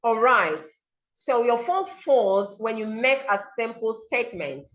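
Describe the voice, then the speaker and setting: A woman with a Nigerian accent teaching diction in an online seminar, slowly modeling example sentences aloud over a video call. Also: a little high, expressive, fairly bright tone. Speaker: diction coach. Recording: dull lo-fi call audio.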